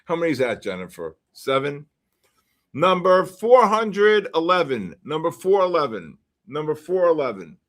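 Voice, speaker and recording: A man hosting a live stream, calling out giveaway numbers and names in a casual, drawn-out way with quick asides. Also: fairly high pitch, very animated, a bit bright. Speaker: livestream host calling giveaway winners.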